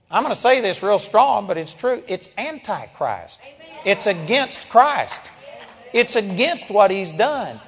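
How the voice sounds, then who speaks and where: A man preaching a sermon at a seminar, emphatic, moving between hushed and forceful delivery. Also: high voice, expressive, a little slow, long reverb tail.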